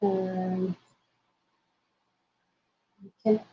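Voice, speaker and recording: A woman's voice: lowish voice, slow pace. Hyper woman on a roomy phone stream. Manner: hyper, excitable, loud. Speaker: livestream host. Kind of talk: casual live-stream chat. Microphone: mobile phone. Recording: roomy, dull lo-fi phone audio.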